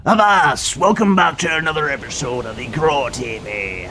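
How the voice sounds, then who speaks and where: A man putting on a gruff pirate captain voice, growling the greeting for a kids church show. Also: a little high, normal speed, sharp tone, soft background music, voice pushed down. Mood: boisterous.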